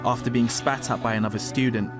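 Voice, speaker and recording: A man giving scripted documentary narration in an even, matter-of-fact way. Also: mid-range voice, quick pace, over music.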